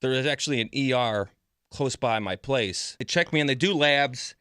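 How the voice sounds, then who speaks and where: Bright-voiced man telling a story, exasperated. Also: mid-range voice, normal speed, clear, resonant tone, no echo, clean studio sound. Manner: animated, exasperated retelling with quoted asides. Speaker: radio show regular. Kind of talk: casual storytelling on a morning radio show.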